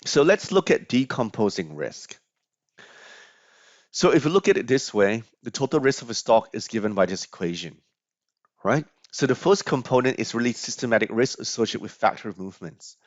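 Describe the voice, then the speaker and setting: A man's voice: mid-range voice, very animated, normal speed, dry recording. A man lecturing on finance over slides, explaining step by step with frequent fillers and restarts. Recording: dry, slightly dull lo-fi audio.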